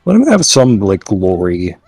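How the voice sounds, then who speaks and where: Frustrated man with a low, lively voice. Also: unhurried, husky, no room sound, faint music behind. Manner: groaning, frustrated. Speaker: co-player. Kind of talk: casual gameplay chat.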